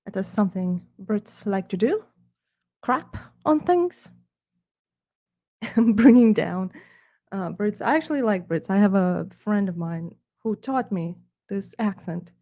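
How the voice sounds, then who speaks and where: A woman's voice: medium pitch, expressive, slow, pauses often, mellow. A woman from Ukraine, talking in a put-on British accent and giving a sarcastic, mock-snobbish preview of her own art books. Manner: sarcastic, dry put-on posh delivery.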